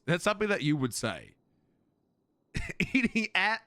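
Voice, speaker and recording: A man's voice: on the high side, very animated, normal speed, long pauses, pushed and bright, no echo. A man streaming a game role-play and chatting to viewers, swearing, laughing and rambling.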